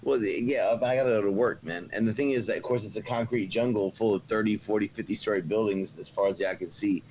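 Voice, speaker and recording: A man's voice: lowish voice, fast, darkish tone, a little hiss or hum, rough recording. A man calling in remotely to a casual live-stream chat, talking bluntly and emphatically, cursing often. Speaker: co-host calling in from abroad.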